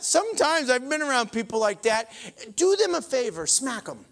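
A male preacher giving a sermon, animated and joking, with sudden emphatic exclamations. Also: extremely high pitch, normal speed.

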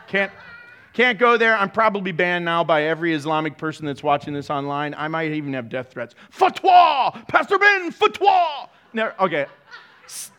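A man preaching at a church service, his voice high, bright and clear. He swings his pitch around a lot as he teases and jokes through the sermon with sarcastic asides. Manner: joking, sarcastic asides, playful. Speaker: pastor.

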